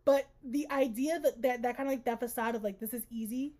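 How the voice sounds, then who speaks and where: A woman co-hosting a casual book-discussion podcast, animated and laughing as she acts out quotes from the book. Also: on the high side, a little fast. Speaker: podcast co-host.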